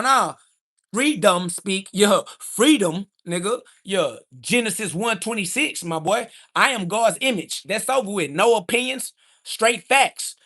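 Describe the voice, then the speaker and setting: Brash, gravelly-voiced man preaching on a livestream. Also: high-pitched, bright, forceful tone. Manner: brash, profane, preachy, slangy. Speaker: livestream host. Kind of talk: livestream monologue answering chat comments.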